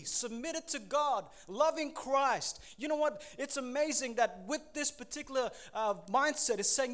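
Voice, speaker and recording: A pastor in his thirties preaching a sermon, animated, acting out quick voices and laughing at himself. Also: very high-pitched, a little hiss or hum.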